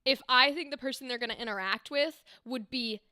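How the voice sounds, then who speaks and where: Animated young woman voice actor streaming. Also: high voice, brisk, clear, resonant tone, no echo, clean studio sound. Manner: animated, talks with her hands, explains with demonstrations. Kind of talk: casual livestream chat. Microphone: desk microphone.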